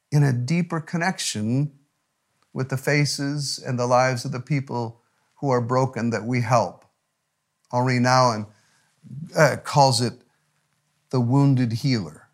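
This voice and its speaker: A middle-aged man preaches as a pastor at a medium pitch. He tells a personal story with halting restarts. At tender points his voice drops low and hushed, close to a whisper. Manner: storytelling with frequent restarts, softening to a near whisper at emotional moments. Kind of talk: sermon.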